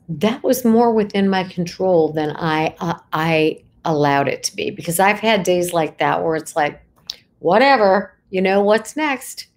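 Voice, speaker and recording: A woman's voice: lowish voice, a little mellow, slight background noise. A middle-aged woman, a psychologist, talking reflectively to her audience in a conversational way, often checking in with "right?" and rising sharply for emphasis. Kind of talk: reflective talk to camera.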